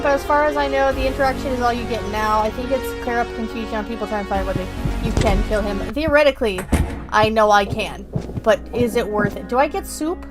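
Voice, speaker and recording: A bubbly young woman streamer chats along as she plays, with a fairly high voice and a quick, self-mocking humor. Game music plays clearly beneath her voice. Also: poor audio. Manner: chatty, bubbly, self-deprecating. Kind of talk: casual gameplay chat.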